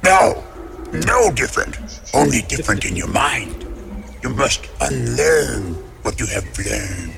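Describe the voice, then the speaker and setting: A tiny ancient master in a film, speaking very slowly with a deeply gravelly, bright, pinched voice. He scolds in stern, inverted sentences, and faint ambience sits beneath him. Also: big pitch swings, slight background noise, heavily acted. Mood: firm. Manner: inverted word order, scolding. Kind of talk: film dialogue.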